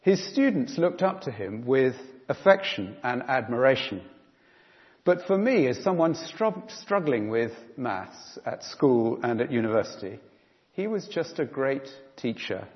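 A man preaching a sermon in church, emphatic and animated, with frequent fillers. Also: mid-range voice, a little slow. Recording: dull sound in a reverberant hall.

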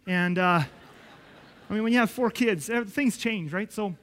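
A man preaching a sermon as pastor, telling a personal story with sudden swings from hushed to loud. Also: sits high, normal speed. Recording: church hall reverb.

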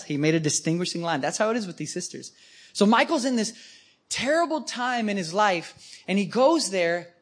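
A man preaching to a live audience, telling stories with animated emphasis. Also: high voice. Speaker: guest preacher. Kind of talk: storytelling sermon.

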